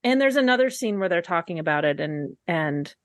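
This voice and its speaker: A woman's voice: fairly low pitch, animated, a little fast. A woman co-hosting a podcast, recapping a TV episode in casual chat, blunt and indignant, with some swearing. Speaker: podcast co-host.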